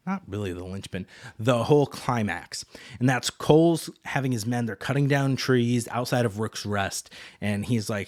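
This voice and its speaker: Rambling podcast host, dry sound. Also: male voice, medium pitch, dry recording. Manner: rambling, heavy on fillers and hedges. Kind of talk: casual episode recap.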